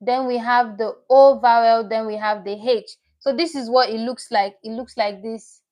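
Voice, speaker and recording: A woman's voice: a little high, steady tone, normal speed, darkish tone. A woman teaching a live online language lesson, patient and repeating each word as she explains it step by step.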